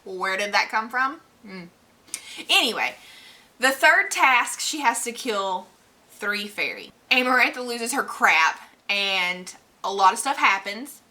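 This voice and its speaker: A woman's voice: medium pitch, animated, slow, pushed and bright. A woman recapping books she has read in a casual vlog, chatty and rambling, with lots of fillers. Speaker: book vlogger.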